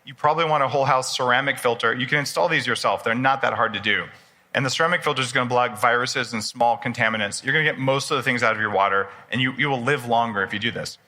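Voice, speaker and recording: Speaking fast with a bright, forceful medium-pitched voice, a man in his forties addresses a live crowd at a personal development expo. His conference talk is casual and enthusiastic, conversational in tone, and full of jokes aimed at the audience.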